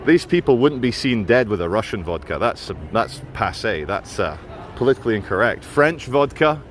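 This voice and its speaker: A man's voice: mid-range voice, sing-song, normal speed, slight background noise. A man gives sardonic, mocking running commentary on a walking street vlog, filming on a handheld camera or phone as he walks outdoors through a city. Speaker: vlogger.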